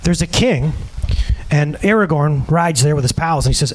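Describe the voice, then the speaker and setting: A man's voice: a little high, animated, normal speed. A man in his thirties giving a sermon as a pastor, earnest and full of rhetorical questions.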